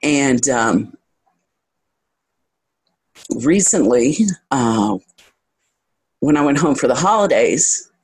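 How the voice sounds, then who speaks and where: A spiritual teacher giving a reflective talk to a group, speaking candidly about their own experience and often pausing to search for the next thought. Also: mid-range voice, animated, a little mellow, husky. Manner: candid and self-reflective, with light self-deprecating humor.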